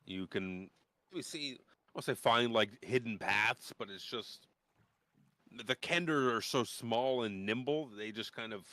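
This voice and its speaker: A man's voice: medium pitch, unhurried, pushed and bright, no echo. A man narrating a tabletop game as dungeon master, in a loose, rambling way with many fillers.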